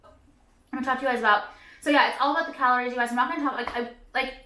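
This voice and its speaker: A woman's voice: high-pitched, rapid-fire, sharp tone, roomy sound. A young woman vlogging in a blunt, profane ranting style, filling her talk with "like". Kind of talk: ranting casual vlog. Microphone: phone camera at arm's length.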